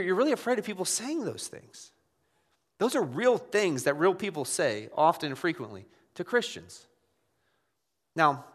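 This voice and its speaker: Animated preacher in a reverberant hall. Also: male voice, a little high. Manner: conversational, animated preaching with rhetorical questions. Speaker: pastor. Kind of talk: sermon.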